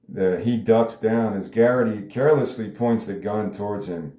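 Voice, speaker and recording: Casual male writer reading his script; low, mellow voice, echoey room. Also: moderate pace, few pauses. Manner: rambling, casual, swears. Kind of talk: table read with commentary. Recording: roomy echo.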